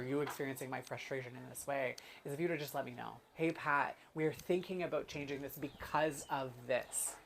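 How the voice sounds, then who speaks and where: A woman guide chatting casually, telling animated stories and acting out what people say. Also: deep voice, gravelly, a little hiss or hum. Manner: animated storytelling, acts out quotes. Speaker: human design guide. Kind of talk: casual chat.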